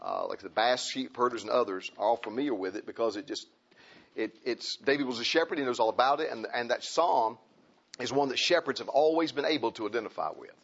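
Man preaching, husky and muffled. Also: medium pitch, fast. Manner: folksy preaching, rising to emphatic boasts. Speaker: pastor. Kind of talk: sermon. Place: church sanctuary. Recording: muffled lo-fi recording.

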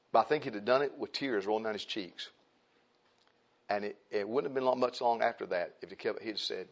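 A man preaching a conversational sermon, repeating phrases for emphasis and swinging between loud raised points and quiet, low asides. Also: brisk, gravelly. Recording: dull lo-fi recording.

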